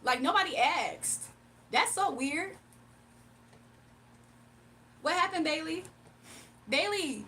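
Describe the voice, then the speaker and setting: Woman livestream host, high and bright voice, sassy, exasperated, faint room hum. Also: expressive, slow, long pauses. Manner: sassy, exasperated, talks back to chat comments. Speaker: livestream host reading chat. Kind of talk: casual livestream rant.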